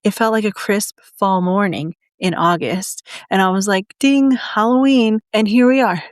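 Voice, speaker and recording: A woman's voice: medium pitch, normal speed, no echo, clean studio sound. Giggly breathless woman podcast host. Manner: giggly, rambling, repeats herself. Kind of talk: casual solo podcast chat.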